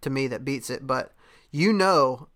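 A man's voice: medium pitch, unhurried, fairly bright tone. A young man in casual chat, a podcast host telling a story in a laid-back way, with lots of fillers and laughter.

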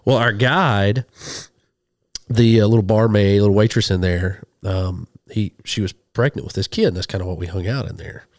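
This is a man with a fairly low voice, telling stories on a podcast. He talks casually and with energy, and he acts out the lines of the people he quotes. The sound is dry and close. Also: normal speed, darkish tone, no room sound. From western Oklahoma. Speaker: guest, hunting show host and minister. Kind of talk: casual storytelling.

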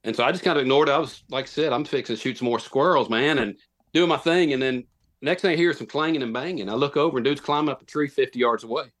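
A man's voice: mid-range voice, quick pace, a bit bright. Guy in his thirties, chatty podcast guest, rambles and laughs at himself. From Tennessee. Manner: rambling, self-deprecating, many restarts. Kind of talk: casual storytelling.

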